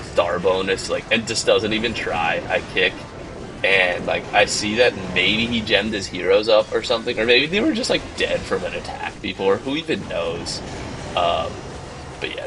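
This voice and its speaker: A man's voice: on the low side, background noise. A man hosting gameplay commentary, telling a story in a casual, exasperated way with lots of fillers. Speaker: game channel host.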